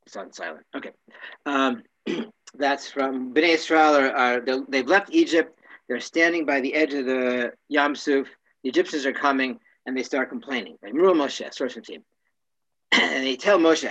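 A man teaching a casual class, wry and joking, often clearing his throat. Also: medium pitch, a little slow, a bit bright, muffled recording.

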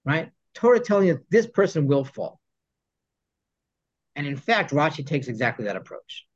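A man's voice: on the high side, sing-song, normal speed. A man teaching a text study class, reading Hebrew phrases and explaining them in English with joking asides. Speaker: Torah teacher. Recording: dull lo-fi sound.

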